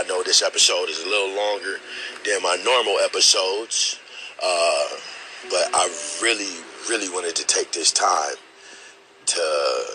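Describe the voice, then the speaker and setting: A middle-aged man hosting his podcast, speaking in a halting, emotional way, repeating words and often saying "man" as he holds back tears. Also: very deep voice, bright, forceful tone, rough recording. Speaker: podcast host. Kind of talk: emotional spoken dedication.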